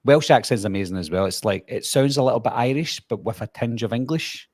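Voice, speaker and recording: A man's voice: mid-range voice, a little fast, darkish tone, no room sound. A man from Scotland with a Glasgow accent, chatting casually as a podcast co-host. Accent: Glasgow Scottish. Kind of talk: casual chat.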